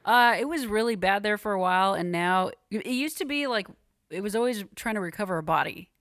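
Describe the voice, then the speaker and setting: A woman's voice: medium pitch, lively intonation, fairly quick, fairly bright tone, no room sound. Candid woman host in a dry room. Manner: candid, conversational, swears casually. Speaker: podcast host, veteran. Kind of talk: casual interview conversation.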